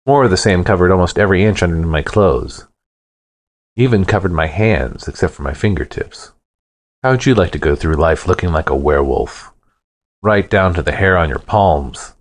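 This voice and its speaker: A man narrating a first-person fantasy story in an expressive, dramatic manner. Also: low-pitched, moderate pace.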